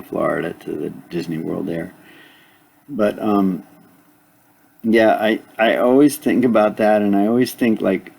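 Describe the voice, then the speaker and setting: A man's voice: low voice, gravelly, a little mellow, breathy edge. An older man telling a rambling personal story in a casual way, chuckling often and making sound effects. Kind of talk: casual spoken anecdote.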